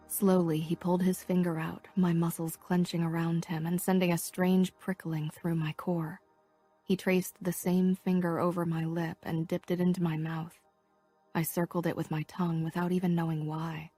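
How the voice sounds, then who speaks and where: A woman reading a first-person romance audiobook in a soft, half-whispered, unhurried way, with faint music behind her. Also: fairly low pitch, breathy edge. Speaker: audiobook narrator.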